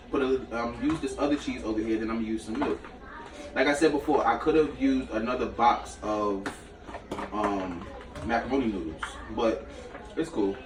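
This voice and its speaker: A New York man hosts a casual cooking vlog from a small home kitchen, chatty and slangy, bouncing between the recipe and side stories. His mid-range voice sits far from the mic in an echoey room, with faint noise.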